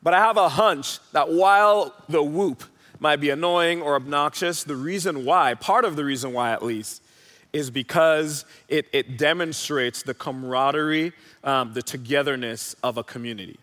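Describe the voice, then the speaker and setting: Bright, high-voiced pastor preaching. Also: male voice, moderate pace. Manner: earnest, emphatic preaching with repeated phrases. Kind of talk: sermon. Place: church hall with audience. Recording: long hall reverb.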